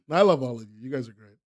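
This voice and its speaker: A young man streaming live, chatting to his viewers with frequent laughter and playful mock outrage. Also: medium pitch. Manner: laughs often, mock outrage, talks to chat.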